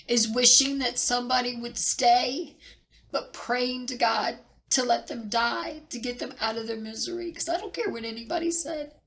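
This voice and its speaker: A middle-aged woman telling a personal story near tears, halting and repeating herself with pauses. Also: a little high, steady tone, gravelly, a bit bright. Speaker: vlogger sharing personal loss. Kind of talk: tearful personal account.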